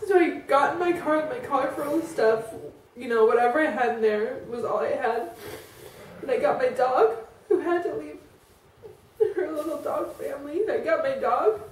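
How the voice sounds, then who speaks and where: High-voiced woman vlogging from a distance. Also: normal speed, a little hiss or hum. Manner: rambling, full of "like" and restarts. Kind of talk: personal confessional storytelling. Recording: roomy, distant from the mic.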